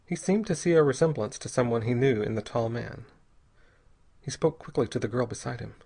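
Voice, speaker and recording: A man's voice: mid-range voice, brisk, gravelly, warm tone, breathy edge. Man reading an audiobook steadily. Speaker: audiobook narrator. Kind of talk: scripted narration.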